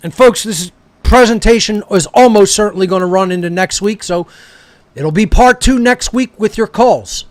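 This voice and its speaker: A man's voice: sits high, moderate pace, dry recording. A male talk show host delivering a heated, profane, confrontational monologue straight at his listeners. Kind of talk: angry ranting monologue.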